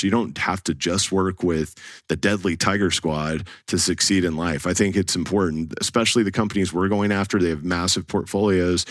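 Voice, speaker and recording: Low-voiced male broker, blunt and casual, dry close recording. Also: fairly bright tone, no echo. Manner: blunt, casual, laughs at own stories. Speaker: commercial real estate broker. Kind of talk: instructional talk to camera.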